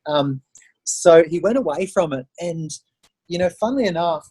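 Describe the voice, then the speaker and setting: A middle-aged man with an Australian accent, his voice fairly high for a man and noticeably husky. He talks through his stories in a lively, conversational way and acts out the voices of the people in them. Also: normal speed. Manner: animated storyteller who acts out quoted voices. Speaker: podcast guest. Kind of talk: conversational interview storytelling.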